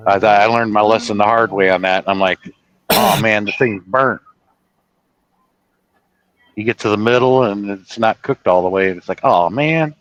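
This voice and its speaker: A man's voice: lowish voice, normal speed, pauses often, fairly bright tone, no echo, highs cut off. A man who drives a truck, chatting casually on a live stream from his truck cab, rambling through stories with swearing and false starts. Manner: storytelling with swearing and restarts.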